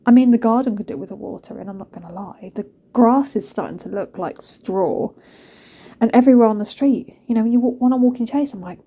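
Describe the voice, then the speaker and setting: A British woman talks her way through a day of cleaning at home, rambling from one thought to the next. Her voice is soft, mellow and a touch husky. She pokes fun at herself and drops playful asides. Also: on the high side, fairly quick. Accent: British English. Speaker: cleaning vlogger. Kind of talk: chatty voice-over while cleaning. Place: home kitchen.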